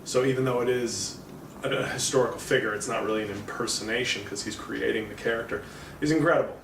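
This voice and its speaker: A man talks through a movie review in a loose, rambling way, stopping for fillers and correcting himself. His voice is mid-pitched and sounds distant from the mic. The room is echoey, with a faint noise underneath. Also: fast talker, fairly bright tone. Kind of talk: casual spoken movie review.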